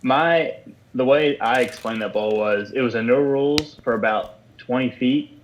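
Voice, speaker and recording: A man's voice: medium pitch, moderate pace, highs cut off. A man from Virginia with a mild Southern accent, chatting casually on a video call. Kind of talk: casual livestream chat.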